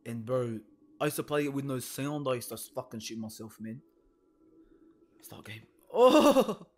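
A man's voice: medium pitch, fairly even intonation, moderate pace, a little mellow. A young man commenting nervously on a horror game he plays alone at home, swearing and hesitating. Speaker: gaming video host.

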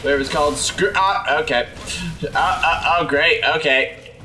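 Let's-play host, young man, slightly hoarse; bright, animated delivery, faint ambience behind. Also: on the high side, moderate pace, far from the mic, a little hiss or hum. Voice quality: sore voice. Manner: chatty, exclaims and talks to enemies. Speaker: gameplay commentator.

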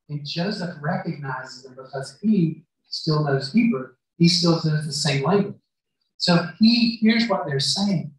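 A man preaching a sermon, retelling a Bible story and acting out what the characters say. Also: high-pitched. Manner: storytelling, acts out the characters' lines. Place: church hall. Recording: very echoey hall, voice far from mic.

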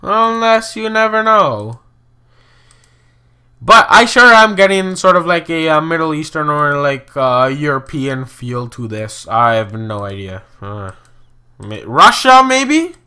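A man's voice: on the high side, sing-song, slow pace, bright, forceful tone, clear, resonant tone. A young man giving casual, chatty commentary on a geography guessing game, exclaiming and mocking himself as he goes. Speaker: gaming video host.

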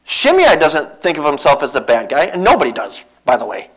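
A man preaching a sermon in a church as a visiting missionary, telling a Bible story with earnest, animated restarts. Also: fairly high pitch, brisk, husky, low-quality recording. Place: church sanctuary.

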